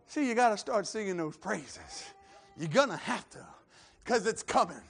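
A man's voice: high-pitched, very animated, brisk. A man preaching a live sermon, calling for responses from the congregation, with a scratchy throat. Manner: builds to fervent shouting, calls for responses.

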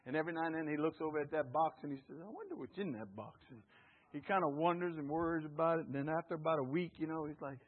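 A man preaching a sermon with call-and-response, jokes and an earnest, hushed prayer. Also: a little high, very fast. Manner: call-and-response, jokey and lively. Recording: tinny phone-like lo-fi sound.

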